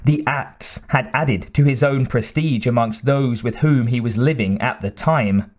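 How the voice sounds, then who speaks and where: A man narrating an audiobook in a measured, dramatic way with deliberate pauses. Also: medium pitch, darkish tone.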